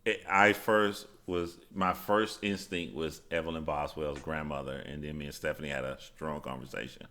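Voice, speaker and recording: A man co-hosting a casual live stream, joking about online trolls in an animated way. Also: a bass voice, moderate pace, hardly any pauses. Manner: joking, animated, swings into loud silly voices.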